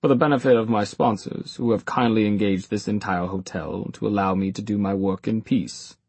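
A man voicing an ancient, frail and dotty male warlock who talks down to people, with a husky voice. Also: on the low side, fairly even intonation, normal speed, a little mellow, no echo. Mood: condescending.

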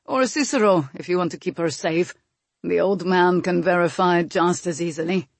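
A woman's voice: lowish voice, normal speed, no echo. A woman voicing a guarded young nobleman who speaks earnestly, in an audiobook reading. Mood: firm.

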